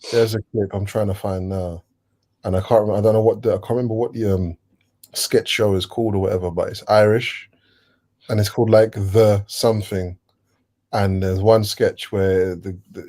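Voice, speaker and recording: A man's voice: on the low side, darkish tone. A man hosting a livestream, chatting casually in slang and losing his words as he rambles. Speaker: livestream host. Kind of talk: casual chat.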